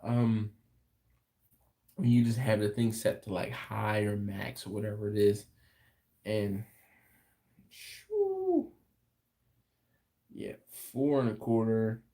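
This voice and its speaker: Slow, laid-back American man. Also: lowish voice, big pitch swings, warm tone. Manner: slow, laid-back storytelling with frequent fillers and restarts. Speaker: host of a barbecue livestream. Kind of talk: casual livestream chat reading viewer comments.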